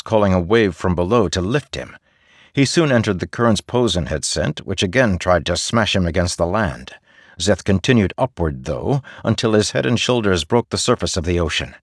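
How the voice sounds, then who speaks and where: A male narrator with a deep, low voice reads a fantasy audiobook in a measured, steady way. The sound is dry and close, with no room echo.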